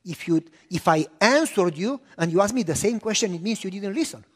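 A man preaching a sermon, telling stories and acting out the dialogue, clearing his throat often. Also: high voice, expressive, a little fast. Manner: anecdotal, acts out dialogue, frequent throat clearing. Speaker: pastor. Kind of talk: storytelling sermon. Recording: long reverb of a large hall.

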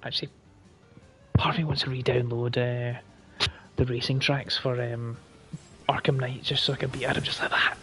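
A young man chatting casually while playing a video game, playful and quick to laugh. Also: mid-range voice, level tone, faint music behind. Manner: playful, bursts into loud laughs and movie quotes. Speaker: gamer. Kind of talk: casual chat while gaming.

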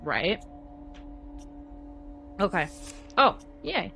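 A woman streaming a video game live, reacting with excitable commentary and frequent swearing and apologies. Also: medium pitch, unhurried, pauses often.

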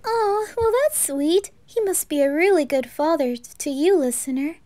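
Woman doing a squeaky excited young boy. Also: normal speed. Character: cheerful eager young boy. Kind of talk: whispered role-play.

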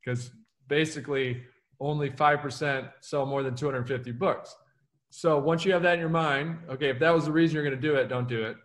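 An American author and keynote speaker answers interview questions in an energetic, punchy, motivational way, acting out the lines he quotes. His voice is a little high and his delivery brisk.

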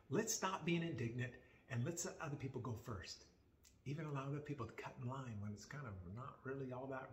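Folksy pastor man in a roomy space. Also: mid-range voice. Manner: conversational, folksy, with frequent fillers. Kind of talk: casual daily devotional talk. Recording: roomy echo.

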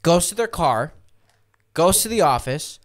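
With a slightly high voice and an unhurried pace, a young man co-hosting a casual podcast laughs through his stories. He swears heavily and performs animated impressions of the people he's quoting.

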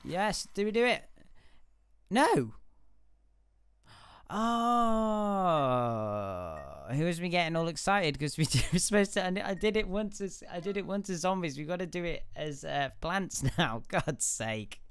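A young man giving excitable let's-play commentary, laughing often and yelling at his teammates. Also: sits high, a little slow, clean tone, no echo. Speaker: gaming video host.

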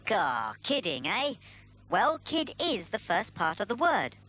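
A woman's voice: medium pitch, huge pitch swings, a little slow, fairly bright tone, slight background noise. A woman giving puzzle clues in a teasing voice-over for a children's show.

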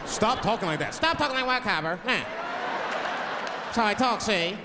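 A man's voice: sits high, sing-song, moderate pace, background noise, pitched above the performer's own voice. A man putting on an old-time 1940s gangster voice, clipped and cocky. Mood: defiant. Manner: clipped, ends lines with "see?". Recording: live hall with loud crowd.

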